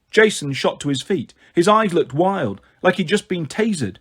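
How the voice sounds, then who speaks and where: A man reading a fantasy novel aloud as narration, slowing down for the verse lines. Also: sits high, animated, fairly bright tone, slightly rough. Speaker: audiobook reader. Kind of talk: storybook narration with light character voices.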